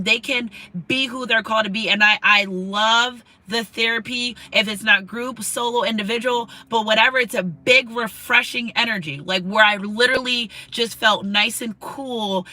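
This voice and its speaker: A woman's voice: on the high side, bright, forceful tone, low-quality recording. A woman giving a tarot card reading to camera, talking in an emotional, repetitive, casual way with some swearing. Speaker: tarot reader.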